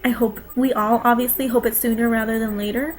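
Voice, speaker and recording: A woman's voice: fairly high pitch, steady tone, fairly quick, rough recording. A young woman vlogging from home, talking straight to her viewers in a defensive, emotional rant, close to tears at times. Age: young adult.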